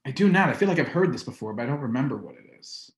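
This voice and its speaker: A man co-hosting a podcast, laid-back and quick to laugh in casual banter. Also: mid-range voice, expressive. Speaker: podcast co-host. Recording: roomy echo.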